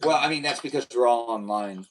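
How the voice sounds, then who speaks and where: A man's voice: medium pitch, a little fast, far from the mic, low-quality recording. A man hosting a casual livestream, rambling and tired, with lots of filler words. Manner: chatty, rambling with many likes and restarts. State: tired, yawning. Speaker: livestream host.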